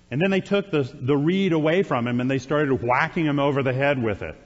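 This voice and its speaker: A man's voice: mid-range voice, lively intonation, normal speed, hardly any pauses. Man preaching in a reverberant church. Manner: conversational storyteller with wry asides to the congregation. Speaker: priest. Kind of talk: sermon retelling a scripture story. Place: church sanctuary. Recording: dull, reverberant church recording.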